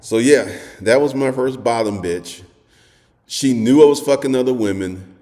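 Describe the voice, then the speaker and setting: A man telling a crude personal story in a casual monologue, animated and acting out quotes as he goes. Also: medium pitch, moderate pace, in a large hall. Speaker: host.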